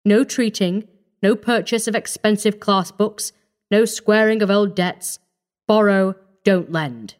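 Calm scheming doctor read by a woman, coaxing, firm, higher and louder voice, storybook reading. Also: slow, natural voice. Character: cold scheming young male doctor.

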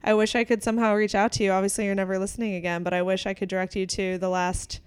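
A woman's voice: mid-range voice, little pitch movement, rapid-fire, smooth, no room sound. A woman co-hosting a casual podcast from home, chatty and laughing often. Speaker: podcast co-host. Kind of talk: casual chat. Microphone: studio mic.

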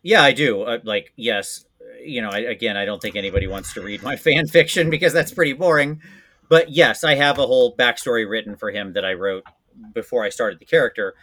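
A man talks through a casual podcast chat, rambling and poking fun at himself. His voice is bright and ringing, set at an ordinary middle pitch. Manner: rambling, self-deprecating, quick to laugh. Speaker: guest voice actor.

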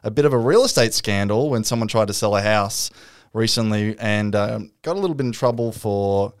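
A man co-hosting a casual chat, reacting quickly and laughing easily. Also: lowish voice, clear, resonant tone, no room sound, clean studio sound. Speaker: podcast co-host.

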